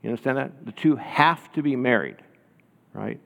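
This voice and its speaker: A man delivers a sermon in a relaxed, conversational manner. He tells stories and keeps checking in with his listeners. His voice carries a long reverb from a large hall. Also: mid-range voice, moderate pace, gravelly, narrow, tinny audio. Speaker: pastor.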